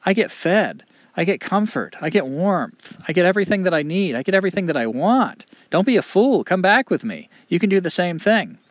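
A man putting on a high, pushy pampered dog, begging his friend to come along, told as a spoken folk tale. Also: very animated, fairly quick, no echo, highs cut off. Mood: pleading. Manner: pleading, insistent, repetitive. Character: eager pampered male dog, pleading, boastful.

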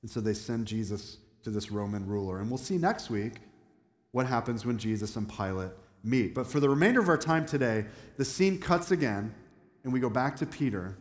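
A man's voice: medium pitch, lively intonation, fairly quick. A man preaching a sermon as a pastor, talking conversationally and asking the congregation questions. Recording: echoey hall with long reverb.

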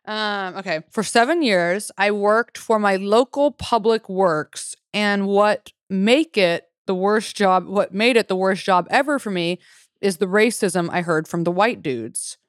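Smooth-voiced woman co-hosting casual chat. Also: mid-range voice, a little slow, no room sound, clean studio sound. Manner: swears freely, quotes people in animated voices. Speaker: podcast co-host.

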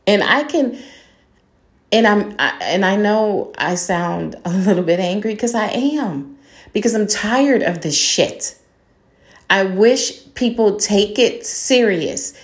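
An older woman and grandmother delivering a heated, blunt monologue, swearing and firing off rhetorical questions at her listeners. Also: on the high side. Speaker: podcast host. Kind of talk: angry monologue rant. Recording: roomy echo.

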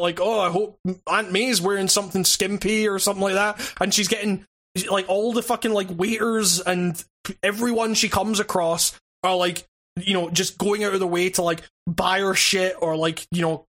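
A man's voice: high voice, fairly even intonation, moderate pace, a bit bright. A man co-hosting a casual movie chat, rambling, swearing and laughing. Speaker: podcast co-host.

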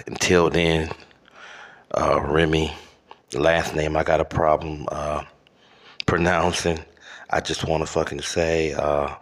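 A man hosting a podcast, delivering a profane solo rant with exaggerated outrage and lots of fillers. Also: a bass voice. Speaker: podcast host.

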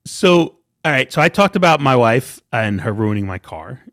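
Male podcast host, playful and teasing, mid-pitched voice, dry studio recording. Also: big pitch swings, normal speed, a bit bright, dry recording. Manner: joking, teasing, sets up segments. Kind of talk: casual chat.

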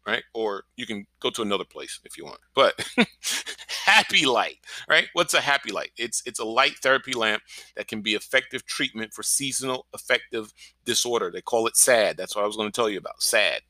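A male pastor giving an encouraging podcast sermon, energetic and often checking in with "right?". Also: fairly low pitch, normal speed, no room sound. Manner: energetic, keeps asking "right?".

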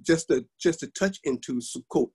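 A man's voice: on the high side, normal speed, a little mellow, breathy edge, low-quality recording. A man, a guest teacher, speaking conversationally with many hesitations and fillers.

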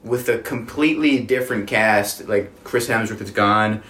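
A man's voice: fairly low pitch, normal speed, fairly bright tone. A young man in casual chat, hesitant and filling gaps with ums. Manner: hesitant, many ums and uhs. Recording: roomy echo.

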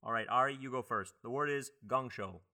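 Brash male comedy-podcast host, bright voice, rapid delivery, ribbing his guests. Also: mid-range voice. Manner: jokey, brash, roasting his co-hosts.

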